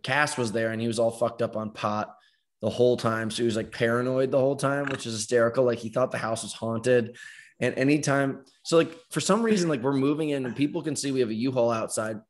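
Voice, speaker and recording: A man in his thirties telling stories in casual chat as podcast host, animated, acting out other people's voices and swearing freely. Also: mid-range voice, fairly quick.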